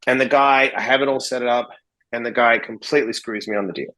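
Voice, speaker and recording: Fast and forceful, with a bright, medium-pitched voice and a steady tone, this Australian man is a podcast guest doing casual interview storytelling. He speaks bluntly, swears freely and acts out conversations, and the recording is rough.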